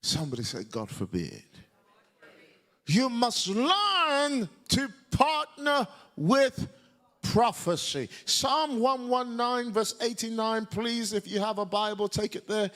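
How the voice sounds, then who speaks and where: Animated high-pitched male preacher. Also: measured pace. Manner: animated, shouting and call-and-response with congregation. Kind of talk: sermon. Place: church hall with congregation.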